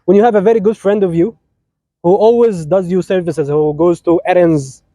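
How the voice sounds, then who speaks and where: Chatty Egyptian-accented man, bright and dry. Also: sits high, steady tone, moderate pace, no echo. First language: Arabic. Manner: chatty, teasing, keeps asking "right?". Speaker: officiant giving a wedding talk. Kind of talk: informal wedding sermon with jokes.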